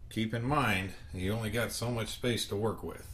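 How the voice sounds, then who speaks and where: A man hosting a home guitar tutorial, short of breath and speaking in slow, halting phrases with pauses. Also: lowish voice, steady tone, fairly bright tone.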